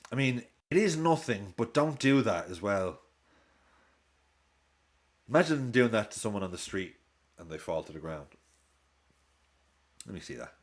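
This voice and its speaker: A man's voice: unhurried, long pauses. A man hosting a live football watch-along stream, casually chatting with viewers and reacting to the match. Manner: chatty, reacts to play and reads chat aloud; lively swings in pitch.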